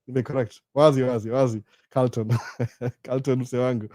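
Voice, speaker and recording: A man with a Kenyan accent hosting a casual live Q&A, talking in a chatty, animated way with jokey asides. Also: mid-range voice, normal speed, no room sound, clean studio sound. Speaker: live-stream host. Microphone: studio microphone.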